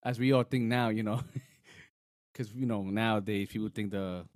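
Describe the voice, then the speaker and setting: A man co-hosting a casual show chat, talking in an animated, rambling way with lots of fillers. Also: on the low side, unhurried, no echo, clean studio sound. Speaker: podcast co-host. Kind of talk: casual chat reviewing a TV episode.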